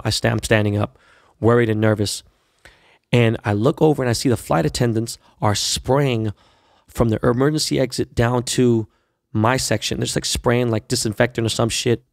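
A man's voice: medium pitch, gravelly, dry recording, clean studio sound. A man hosting a podcast, telling a long profane story in casual monologue and acting out the dialogue as he goes. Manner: profane, animated retelling with quoted dialogue. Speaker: podcast host.

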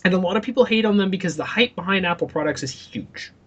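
A young man with a notably high voice rants through a casual podcast chat. He talks animatedly and swears freely. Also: fast, husky. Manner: animated ranting with profanity. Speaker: podcast co-host.

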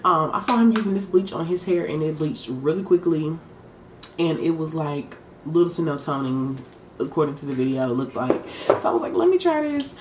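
A woman's voice: low voice, fairly quick, reverberant, background noise. A young woman talking to her camera in a beauty vlog, chatty, sassy and full of slang, sometimes emotional. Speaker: beauty vlogger. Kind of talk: casual chat to camera. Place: room lit for filming. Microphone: camera mic.

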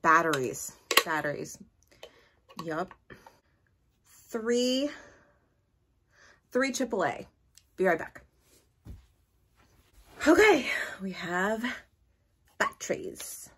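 A woman hosting a casual unboxing vlog, gushing and excitable, with gasps and squeals. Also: mid-range voice, extremely slow, long pauses, slightly rough. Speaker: vlogger host.

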